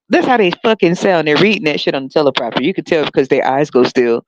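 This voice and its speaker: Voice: medium pitch, lively intonation, fast talker, few pauses, highs cut off, slight background noise. A podcast host giving a sarcastic, profane solo rant, often laughing.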